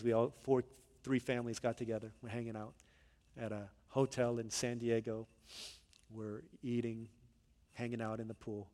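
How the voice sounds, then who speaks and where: A man preaching a sermon in a church, telling stories in an animated, conversational way. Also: mid-range voice, in a large hall. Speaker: pastor. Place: church sanctuary.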